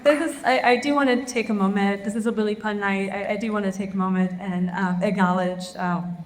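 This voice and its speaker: A woman organizing a festival, giving a halting live stage speech full of ums in a large theater. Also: mid-range voice, fairly even intonation, a little hiss or hum. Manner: halting, many ums, gets emotional. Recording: echoey theater hall.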